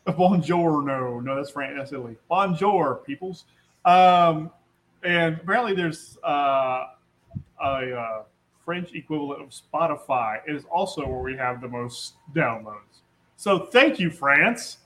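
A man's voice: mid-range voice, animated, a little slow, fairly bright tone. A man co-hosting a podcast, chatting casually and dropping dry, wry asides. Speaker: podcast co-host. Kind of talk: casual chat.

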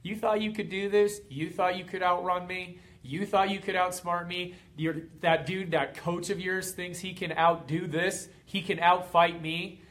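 A man voicing a huge taunting gorilla that mocks and belittles the listener in a low, quiet sneer. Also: steady tone, a little slow, few pauses. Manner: sneering, lower and quieter than his own voice. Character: huge taunting male gorilla, mocking and cruel.

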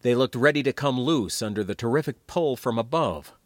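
A man's voice: medium pitch, animated, a little fast, no echo, studio quality. A man narrating a science fiction audiobook expressively, giving characters their own voices. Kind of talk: scripted sci-fi narration.

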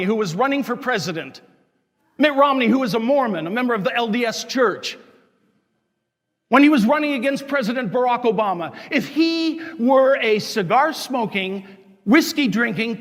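A man's voice: very high voice, a bit bright. A man, a parish priest, preaching an impassioned sermon full of rhetorical questions and declared righteous anger. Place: large church. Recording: long church reverb.

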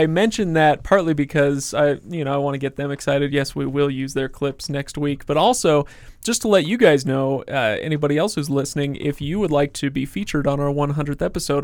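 Slightly high-voiced joking man host. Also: dry recording, studio quality. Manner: joking, many fillers and restarts. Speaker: podcast host. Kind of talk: casual chat.

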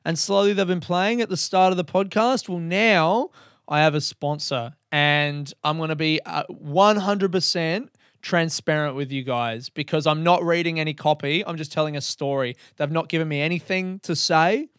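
Man around thirty, solo podcast host, rambling, self-mocking, swears a lot, fairly high, smooth voice, dry close sound. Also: normal speed, a bit bright, no room sound.

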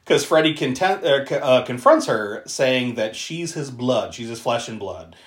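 A man's voice: medium pitch, expressive, moderate pace. A man hosting a podcast, casually recapping a movie, chatty and swearing, laughing often between lines. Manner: chatty, laughs a lot, swears, many fillers. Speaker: podcast host. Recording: roomy echo.

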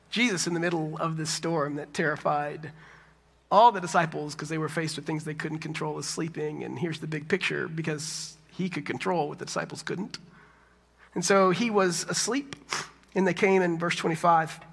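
A high, bright male voice delivers a lively sermon, jumping into acted quotes and casual asides. Long reverb hangs after each phrase, as in a large hall. He sounds like a pastor in his thirties. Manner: animated preaching with quick asides and acted quotes.

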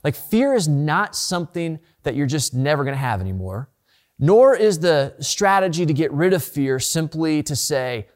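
A man's voice: fairly high pitch, lively intonation, normal speed. A man preaching a sermon as a pastor, earnest and conversational, often repeating words as he restarts a thought.

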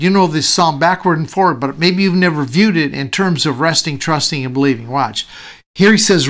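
A man preaching a sermon, his voice sitting a little high for a man. He talks in a relaxed, conversational way and keeps circling back to the same phrases to drive them home. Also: brisk. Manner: repeats key phrases for emphasis, conversational. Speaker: pastor.

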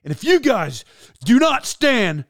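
An enraged movie star played by a man screams at his crew, his voice pushed high and tight. He sounds furious, as if he is about to fire everyone. The delivery is loud and strained. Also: very animated, slow, dry recording, studio quality, full character voice. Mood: angry.

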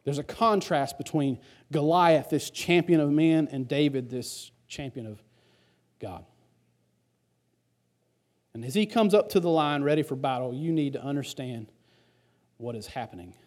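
Male pastor, chatty storytelling sermon, mellow tone. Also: fairly high pitch, a little slow, pauses often. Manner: conversational storytelling preaching.

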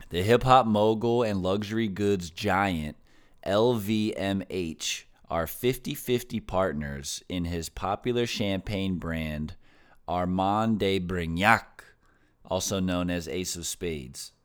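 A man hosts a casual podcast, reading headlines aloud before riffing on them in loose slang. His voice sits low and smooth, and he talks at an unhurried, slow pace. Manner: reads news aloud then riffs with slang and swearing. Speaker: podcast host. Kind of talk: casual news chat.

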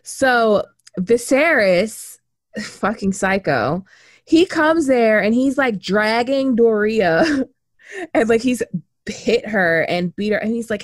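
A woman talking casually and with animation, blunt and quick to swear. She slips into little acted-out quotes as she goes. The sound is close and dry. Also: mid-range voice, lively intonation, no echo. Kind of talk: casual book discussion.

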